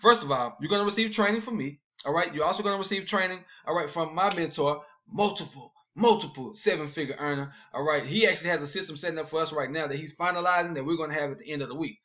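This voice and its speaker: Excited fast-talking man pitching to camera. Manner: fast, excited, repeats "all right?" after each point. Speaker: network marketing promoter. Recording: dull lo-fi video audio.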